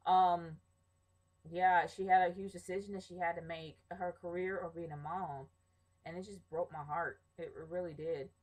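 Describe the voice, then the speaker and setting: A woman's voice: fairly low pitch, fairly even intonation, normal speed, a little mellow, poor audio. A woman in her thirties chatting casually to camera, answering viewer questions with opinions, many ums and small restarts. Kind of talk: casual chat.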